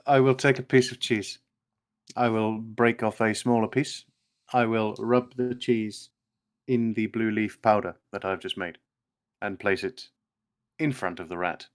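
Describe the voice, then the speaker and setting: A man describing his character's actions in a tabletop game, measured and deliberate. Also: on the low side, steady tone. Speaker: player.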